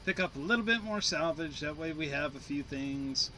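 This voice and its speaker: A man's voice: fairly high pitch, normal speed, sharp tone, slight background noise. A man giving casual, playful commentary while he plays a game, chatting to himself as he goes. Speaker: gameplay commentator. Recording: game music playing behind.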